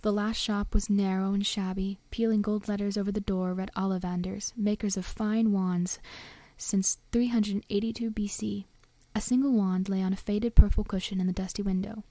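Soft gravelly woman reading a storybook. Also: medium pitch, little pitch movement, normal speed, dry recording. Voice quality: soft, often whispered. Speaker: reader.

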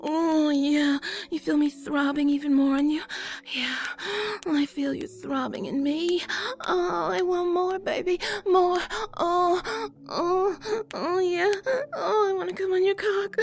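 A woman's voice: sits high, fairly even intonation, takes it slowly, vocal fry, a little mellow. A woman performing an intimate erotic audio role-play, moaning breathily and often dropping into whispers.

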